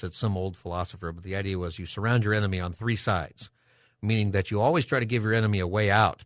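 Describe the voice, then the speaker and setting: A man hosting a call-in radio show, thinking aloud and halting with ums and restarts. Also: deep voice, no room sound, studio quality.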